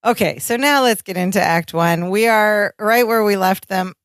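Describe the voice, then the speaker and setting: A woman's voice: mid-range voice, normal speed, no echo, studio quality. A woman co-hosting a podcast, chatting casually and laughing often as she recaps a sitcom and acts out its lines. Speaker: podcast co-host.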